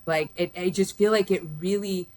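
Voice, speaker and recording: A woman's voice: mid-range voice, fairly even intonation, normal speed, a little mellow. A woman talking casually about a film with her son, rambling with many restarts and fillers. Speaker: guest, host's mother. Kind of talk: casual film review chat.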